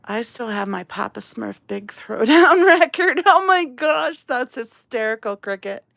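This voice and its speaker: Gravelly woman chatting on a live stream. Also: on the high side, animated, measured pace, a bit bright, no room sound, clean studio sound. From outside England. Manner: chatty, self-deprecating, reads chat aloud. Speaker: livestream host. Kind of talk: casual live-stream chat while painting.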